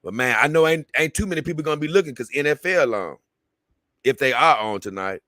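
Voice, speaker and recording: A man's voice: on the high side, animated, fast, sharp tone, no room sound, studio quality. A man hosting a livestream and signing off in a loose, rambling way, calling viewers "man" and "baby.". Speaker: livestream host. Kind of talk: casual livestream sign-off.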